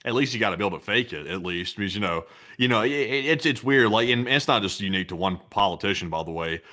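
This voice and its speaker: A young man co-hosting a live political stream. He talks quickly and rambles, restarting sentences and piling up asides. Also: lowish voice, lively intonation, bright, forceful tone.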